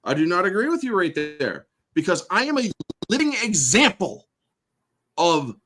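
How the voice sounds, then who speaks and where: A man's voice: high voice, big pitch swings, moderate pace, sharp tone, a little hiss or hum. A male host delivering a blunt, sarcastic political rant full of swearing.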